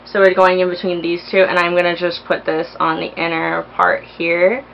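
A woman's voice: fairly low pitch, level tone, moderate pace, gravelly, dull audio, slight background noise. A young woman chatting casually through a makeup tutorial, bubbly and gushing as she works. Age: young adult. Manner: bubbly, gushing, talks while applying makeup. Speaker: beauty vlogger.

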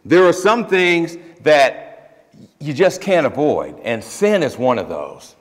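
Emphatic pastor preaching in an echoing church. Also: male voice, on the high side, sing-song, takes it slowly. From Ohio. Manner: emphatic, conversational preaching with plain everyday phrases. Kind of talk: sermon. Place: church sanctuary. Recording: long church reverb.

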